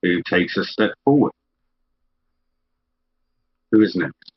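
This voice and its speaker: A man narrating a tabletop role-play game as game master, telling the scene slowly and descriptively. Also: sits low, lively intonation, husky. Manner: slow, descriptive storytelling. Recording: dull lo-fi audio with faint background noise.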